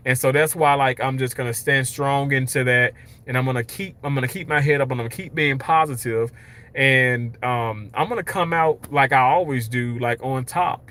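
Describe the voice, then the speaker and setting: A man's voice: mid-range voice, sharp tone. A man chatting candidly and at length with his viewers during a casual livestream, rambling and upbeat. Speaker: livestreaming vlogger. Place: outdoors at night, walking.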